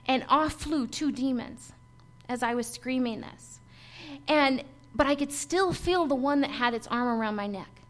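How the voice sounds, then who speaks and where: A woman pastor preaching a sermon and telling a personal testimony, swinging from hushed to emphatic. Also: high-pitched.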